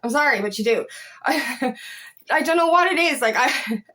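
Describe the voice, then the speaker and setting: Blunt self-help coach woman, slightly high voice, swears a lot, heated rant vibe. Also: moderate pace. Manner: blunt and heated, swears often, animated rants. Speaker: feminine empowerment coach. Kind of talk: casual talk to camera.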